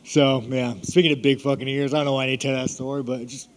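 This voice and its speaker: A man's voice: mid-range voice, flat delivery, quick pace, in a large hall. An American man answering press questions in a casual, rambling, joking way, swearing constantly. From United States. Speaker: fighter at a media scrum. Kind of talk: casual media Q&A.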